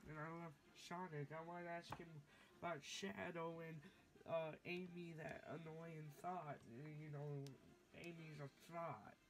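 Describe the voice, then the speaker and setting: A man voicing an excitable young male plush character who rambles and gushes, in a puppet comedy skit. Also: fairly high pitch, a little slow. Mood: rambling. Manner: gushing, rambling.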